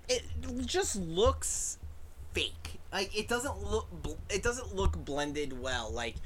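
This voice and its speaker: Halting, swearing man, fairly high voice. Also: very animated, fairly bright tone, a little hiss or hum, rough recording. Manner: halting, swearing, laughing easily. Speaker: podcast co-host. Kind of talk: casual chat.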